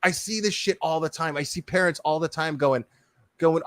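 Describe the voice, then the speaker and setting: A man's voice: on the high side, normal speed, fairly bright tone, no echo. A man ranting profanely and heatedly as a streamer, commenting on a video and talking to his chat.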